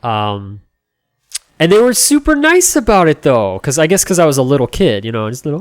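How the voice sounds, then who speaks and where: A man's voice: on the high side, sing-song, a little fast, dry recording, studio quality. A man in his thirties, a game streamer, telling a casual story that rambles with plenty of "you know" and "like". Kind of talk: casual storytelling while playing.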